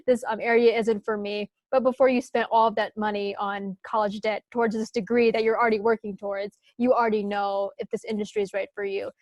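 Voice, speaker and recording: A young woman talks in a bright, chatty, upbeat way, laughing easily as she speaks. Her voice sits a little high. The recording is dry and close. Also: no echo. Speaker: guest. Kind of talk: casual podcast interview.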